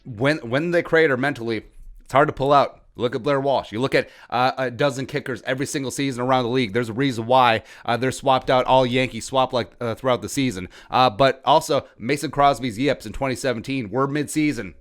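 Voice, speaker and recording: Male sports podcast host, young adult, heated and sarcastic, mid-pitched voice. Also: brisk.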